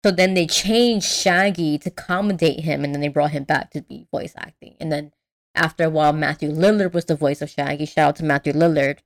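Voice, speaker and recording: A woman's voice: sits low, steady tone, brisk. A young woman chatting casually as a podcast co-host, rambling with lots of fillers and restarts. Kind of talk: casual chat.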